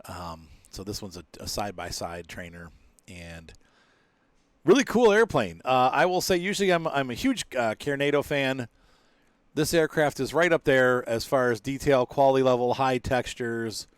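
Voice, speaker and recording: A man's voice: mid-range voice, no room sound. Rambling man reviewing a flight sim. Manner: rambling, many fillers and restarts. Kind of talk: casual gameplay commentary.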